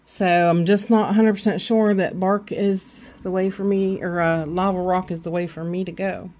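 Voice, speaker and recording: A woman's voice: fairly low pitch, steady tone, normal speed, darkish tone. A middle-aged woman with a Southern US accent, chatting casually and rambling through a walkthrough of her plants at home. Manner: chatty, rambling, many fillers and restarts. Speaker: orchid vlogger. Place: indoors at home among plant shelves.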